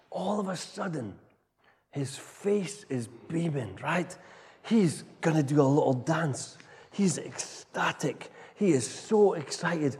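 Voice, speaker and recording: A middle-aged man preaching a storytelling sermon, animated, tagging his sentences with "right?". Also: mid-range voice. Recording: long reverb of a large hall.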